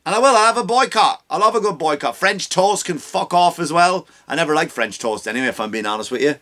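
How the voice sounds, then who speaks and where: A man with an Irish accent rants on a comedy podcast, heated and full of swearing. His voice sits fairly high and sounds bright and forceful, and his delivery is punchy. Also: expressive, fast talker. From Ireland. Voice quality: profane, heated ranting. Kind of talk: comedic rant.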